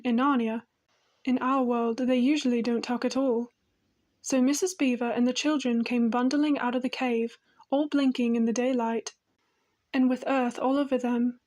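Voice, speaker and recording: A woman narrating a children's fantasy audiobook in a gentle, even manner. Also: fairly high pitch. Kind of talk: storybook narration.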